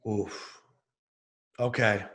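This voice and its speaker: A young man, a sports TV host from the Philadelphia area, telling stories in a casual podcast interview with animated, excited bursts. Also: lowish voice, drawn-out words, gravelly.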